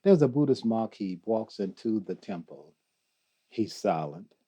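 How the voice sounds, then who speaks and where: An older man as a guest in an interview, talking slowly and reflectively, reciting poetry and laughing often. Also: lowish voice, sing-song, dark tone, breathy edge. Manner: slow, musing, quotes poetry, laughs often. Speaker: guest, theologian.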